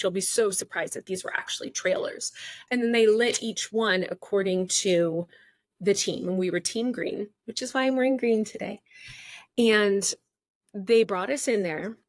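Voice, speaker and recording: A middle-aged woman telling a behind-the-scenes story on her podcast, candid and gossipy, hopping from point to point. Her voice sits at an ordinary middle pitch. The sound is dry and close, with almost no room around it. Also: no echo. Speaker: podcast host. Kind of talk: casual storytelling.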